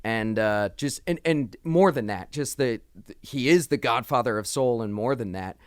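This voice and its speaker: A man's voice: mid-range voice, normal speed, clear, resonant tone, no echo, clean studio sound. A man co-hosting a podcast in casual chat, loose and candid, cursing now and then. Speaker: podcast co-host.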